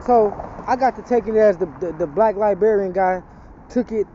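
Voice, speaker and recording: A man's voice: high voice, normal speed, mellow, highs cut off, a little hiss or hum. A man telling a personal testimony in casual street talk, rambling and profane, slipping into an emphatic preaching tone.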